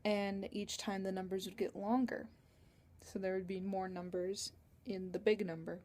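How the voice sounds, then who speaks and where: A chatty teenage girl rambles through a story for her vlog and giggles as she goes. Her voice is mellow and warm, and it is recorded through a computer webcam. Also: medium pitch, little pitch movement, normal speed. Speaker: vlogger.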